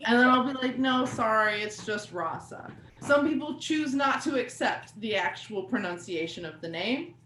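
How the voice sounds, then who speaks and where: A woman doing stand-up, her voice set a little high and bouncing around an echoey room. She talks in a loose conversational way, swears freely and now and then bursts out loud. A faint hum of noise sits under the recording. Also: expressive, moderate pace. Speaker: stand-up comedian. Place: comedy venue with live audience.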